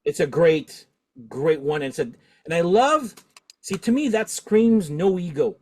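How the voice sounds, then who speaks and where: A man's voice: on the high side, unhurried. Middle-aged male host, talkative, laughs easily, casual chat. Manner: talkative, animated, laughs often. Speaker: podcast host.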